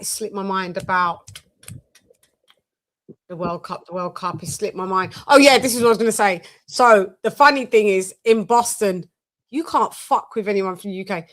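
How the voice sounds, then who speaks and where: Woman host, bright punchy voice, animated storyteller, cusses a lot, casual chat. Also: medium pitch. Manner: lively storytelling, animated, swears freely.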